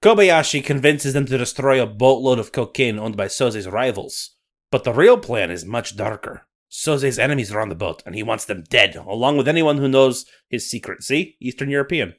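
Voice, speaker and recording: A man's voice: medium pitch, lively intonation, moderate pace, natural voice. A man doing Nessie, a Scottish-accented sea monster. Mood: dramatic storytelling. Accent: put-on Scottish. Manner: dramatic narrating, rolled-up storytelling. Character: Loch Ness monster, male storyteller, sly. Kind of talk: comedic bit in a podcast.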